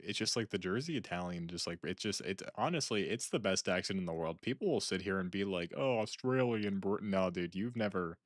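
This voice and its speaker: A young man with a low, deep voice rambles and jokes as he reacts to videos, restarting and trailing off. The sound is close-miked and dry, with no room echo. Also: fairly quick, hardly any pauses. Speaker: streamer. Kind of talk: casual chat reacting to videos.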